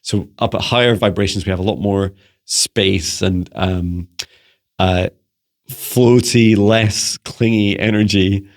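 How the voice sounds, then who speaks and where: A man's voice: lowish voice, steady tone, takes it slowly. A man from Scotland, a psychic mentor, answering viewer questions in a rambling casual monologue full of restarts. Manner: rambling, many restarts and fillers; playful beeping noises.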